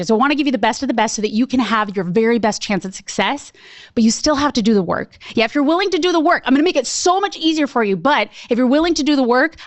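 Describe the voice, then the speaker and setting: A woman sales coach telling a story in a webinar, animated and acting out her own reactions. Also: a little high, no echo. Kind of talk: storytelling presentation.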